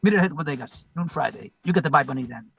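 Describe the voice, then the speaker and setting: A man's voice: fairly high pitch, animated, fast talker, creaky, fairly bright tone, highs cut off, faint music behind. A man doing an impression of a menacing gangster boss from a crime film, taunting and swaggering.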